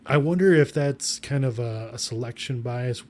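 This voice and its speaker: A man co-hosts a podcast in casual chat. He is wry and thoughtful, with a teasing streak, and his voice sits at an ordinary middle pitch. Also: normal speed. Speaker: podcast co-host.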